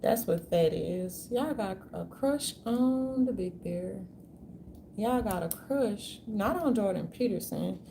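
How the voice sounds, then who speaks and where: A woman's voice: mid-range voice, animated, takes it slowly, gravelly, dark tone, slight background noise. A woman vlogger ranting in a meandering, profane, slangy way. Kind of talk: rambling casual rant.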